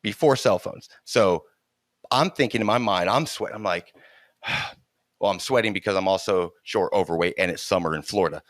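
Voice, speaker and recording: A middle-aged man telling a childhood story in casual conversation, animated and laughing often, restarting his sentences as he goes. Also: low-pitched, moderate pace, no echo, studio quality.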